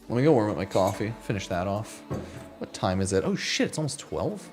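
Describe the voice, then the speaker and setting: Fields: man, chatty game streamer, lively pitch, faint music behind. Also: fast. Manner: chatty, rambling, swears casually. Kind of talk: casual livestream chat. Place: home streaming setup.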